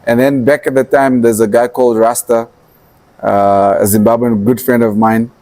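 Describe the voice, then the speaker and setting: A man's voice: medium pitch, level tone, moderate pace, a little mellow. A man, a guest in a podcast interview, telling his story animatedly and acting out his own past thoughts as quotes. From Namibia. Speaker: entrepreneur and activist guest.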